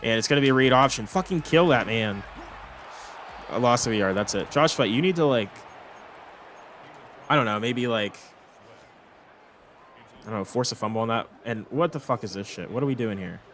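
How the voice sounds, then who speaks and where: A man's voice: medium pitch, animated, moderate pace, long pauses, a bit bright, slight background noise. Exasperated young man commentating a game. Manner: exasperated, swearing, rambling complaints. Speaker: gaming commentator. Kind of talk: frustrated gameplay commentary.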